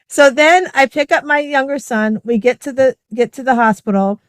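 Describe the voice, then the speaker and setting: A middle-aged woman talks as a podcast guest, her voice sitting a little high for a woman. She tells a personal story in a loose, chatty way, filling it with "like" and "right?". The sound is dry, with no room echo. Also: normal speed, clean tone. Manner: chatty, heavy use of "like" and "right?". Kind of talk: casual conversational storytelling.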